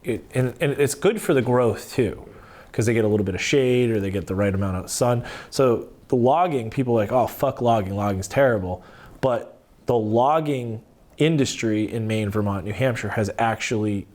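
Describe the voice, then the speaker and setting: A man talking as a podcast guest, telling animated stories in casual, profane conversation. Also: fairly low pitch, moderate pace.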